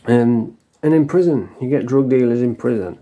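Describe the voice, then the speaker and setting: A man's voice: mid-range voice, lively intonation, normal speed, dark tone, lo-fi sound. A man telling a personal story to camera in a blunt, sweary, frank way. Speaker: vlogger. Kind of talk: casual storytelling monologue.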